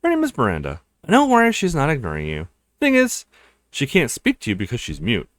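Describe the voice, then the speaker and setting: A man's voice: medium pitch, wildly swooping pitch, brisk, fairly bright tone, dry recording, clean studio sound. A man playing a chatty young law student. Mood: friendly. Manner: friendly and chatty.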